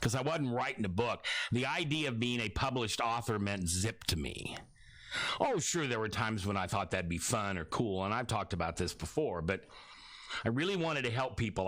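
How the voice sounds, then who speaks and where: Rambling lower-voiced man telling a story. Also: fairly bright tone, no echo. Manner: rambling, self-interrupting storyteller who acts out quotes. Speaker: radio host talking about his book. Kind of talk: casual livestream chat.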